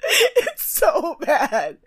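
A giggly young woman on a podcast, her high voice bouncing all over the place. She gossips in a loose, casual chat, breaking into laughter again and again. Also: huge pitch swings, very slow, a bit bright. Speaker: podcast co-host. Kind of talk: casual chat recapping a TV show.

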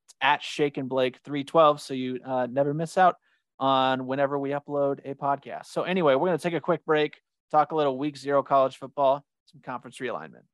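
A man's voice: mid-range voice, steady tone, fairly quick. Guy hosting a sports podcast, chatty, dry close sound, no room echo. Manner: chatty, exclaims over stats. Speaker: podcast co-host. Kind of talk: casual sports podcast chat.

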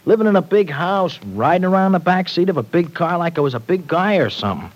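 A fast-talking man with a high, animated voice plays a young working-class tough from the streets, slinging slang and skipping grammar. It's 1940s radio acting, preserved in an old broadcast recording with the highs cut off.

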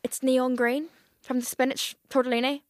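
The voice here is high-pitched and flat, at a moderate pace, captured as clean studio sound with no echo. It belongs to a Northern Irish podcast host in her twenties, chatting casually and oversharing on her solo show, swearing frequently and packing every pause with "like".

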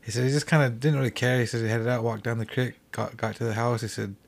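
A man's voice: medium pitch, fairly even intonation, fast, gravelly. A young man from the Cheyenne Reservation telling a ghost story in a loose, rambling way as a podcast guest. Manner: rambling, full of "like" and "he said".

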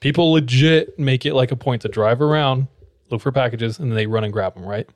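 A man telling a story in casual conversation, animated and acting out the people he quotes. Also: medium pitch, brisk, no echo.

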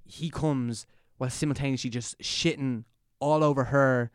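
A man's voice: medium pitch, steady tone, moderate pace, clear, resonant tone, no echo, studio quality. An Irish man casually telling a story on a podcast, rambling with many fillers and frequent laughter. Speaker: podcast co-host. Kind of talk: casual chat.

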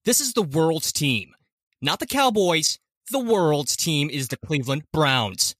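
A man putting on a decisive male sports radio host who speaks slowly with dramatic pauses. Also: on the high side, sing-song, fairly bright tone, dry recording, clean studio sound, pitched above the performer's own voice, heavily acted. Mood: boastful. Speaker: podcast co-host.

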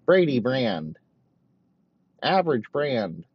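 A man doing an eager, well-behaved teenage boy with a bright, chirpy lilt. The sound is dull and dry, with no room around it. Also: mid-range voice, big pitch swings, takes it slowly, breathy edge, no room sound, pitched above the performer's own voice, exaggerated voice. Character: wholesome average teenage boy, eager, polite.

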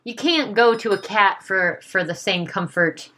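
A woman's voice: mid-range voice, measured pace, pushed and bright. A young woman co-hosting a chatty podcast, laughing often, swearing casually and a bit tipsy. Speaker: podcast co-host. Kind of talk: casual chat.

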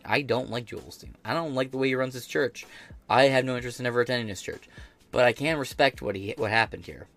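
An American man hosting a podcast, reacting to news clips in blunt, profane casual commentary. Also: mid-range voice. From United States. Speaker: podcast host.

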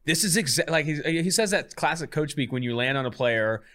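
A man co-hosting a sports podcast, talking fast and loosely in casual chat, swearing now and then. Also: on the high side, lively intonation, fairly bright tone. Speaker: podcast co-host.

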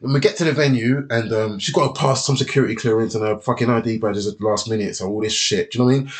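A man's voice: fairly low pitch, very fast. A man, a former fighter who is a podcast guest, telling stories in casual chat with a lot of swearing. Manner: animated, profane, often acts out others' lines.

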